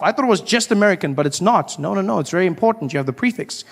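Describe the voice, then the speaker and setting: Storytelling stand-up comic. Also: male voice, high voice, very fast, vocal fry, hardly any pauses, a faint crowd, slight background noise. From South Africa. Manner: storytelling, animated impressions. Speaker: stand-up comedian. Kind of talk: stand-up comedy.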